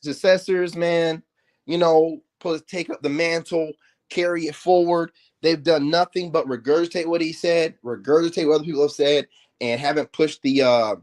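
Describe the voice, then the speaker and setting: A man delivering a confrontational, mocking commentary rant in slangy speech, his voice climbing higher in heated outbursts. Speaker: self-help commentator. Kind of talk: ranting commentary.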